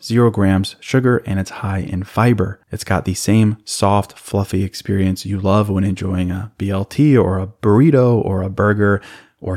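Male podcast host, lower voice, relaxed conversational sponsor read. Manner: relaxed, conversational, first-person.

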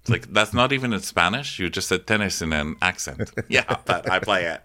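A man's voice: deep voice, lively intonation, brisk, bright, forceful tone. A man co-hosting a casual comedy podcast, recapping a reality show and acting out quotes with lots of laughter. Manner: joking, acts out quotes with laughs.

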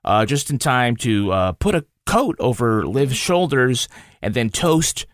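Lively joking man, animated voice. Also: medium pitch, no echo, clean studio sound. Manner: joking, acts out quick voices. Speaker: podcast host. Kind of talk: casual chat recapping a TV show.

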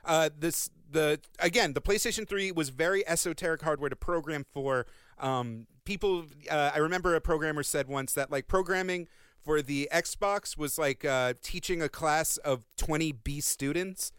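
Male co-host, clear smooth voice, wry and explanatory, dry close mic. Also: on the high side, normal speed, fairly bright tone, no room sound. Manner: wry, explanatory, dryly joking. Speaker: podcast co-host. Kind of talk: casual chat.

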